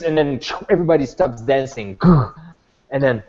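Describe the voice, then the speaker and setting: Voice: mid-range voice, moderate pace, a little mellow. A game master narrating a tabletop game, rambling and restarting often. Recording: dull lo-fi recording.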